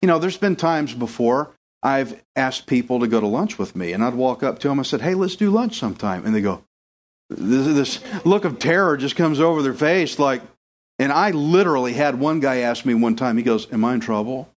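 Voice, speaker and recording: A man preaching a sermon in an animated way, acting out the voices of the people he quotes. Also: medium pitch, normal speed.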